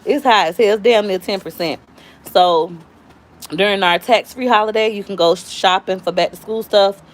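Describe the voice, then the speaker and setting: A woman in her thirties rambles casually to her viewers from home, slangy and loose. She sounds a bit out of breath, her voice sitting in a middle pitch. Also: moderate pace. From Florida, US. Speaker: YouTube cooking vlogger. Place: at home with family.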